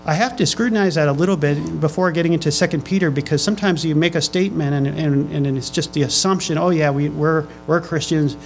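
A pastor preaching a sermon to his congregation. He reads scripture slowly, then presses the room with questions, often repeating and restarting his phrases. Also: a little high, vocal fry, faint music behind, low-quality recording.

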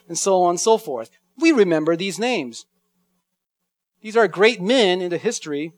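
A man preaching an expository sermon, slowing down to read scripture lines with weight and emphasis. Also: sits high, dry recording. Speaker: pastor.

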